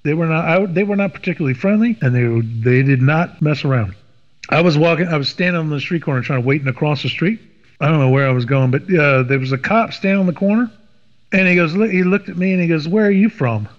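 In a quick, higher-pitched voice, a middle-aged D.C. man recounts a story as a podcast guest, lively and impersonating the people involved. The conversation is casual, and the sound is dull lo-fi with long reverb.

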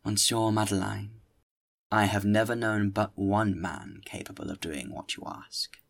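A man doing a cold, deliberate police inspector. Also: fairly low pitch, steady tone, creaky. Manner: slow, pointed, emphasizing every word.

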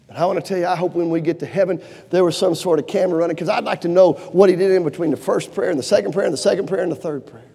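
A man preaching a sermon with fervent delivery, swinging from loud urgent pleading to low hushed lines. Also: rapid-fire, gravelly, hardly any pauses, breathy edge. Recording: long hall reverb.

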